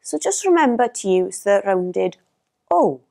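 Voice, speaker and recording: A woman teaching a language lesson in clear, careful narration, modelling each pronunciation. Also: medium pitch, big pitch swings, unhurried, dark tone.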